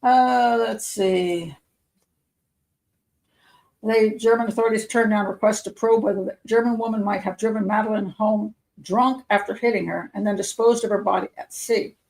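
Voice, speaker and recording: Woman, gravelly voice, live show host, reads news aloud, skeptical asides. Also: mid-range voice, steady tone, normal speed, darkish tone, rough recording. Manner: skeptical, muttering asides and self-corrections. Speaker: criminal profiler hosting a live show. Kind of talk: reading news aloud with running commentary.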